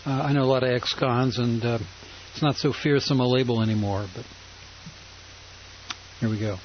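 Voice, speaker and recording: Male talk radio host, mid-pitched voice, hesitant, lo-fi radio with hiss. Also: fairly even intonation, normal speed. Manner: hesitant, many uh fillers. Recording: hissy lo-fi radio audio.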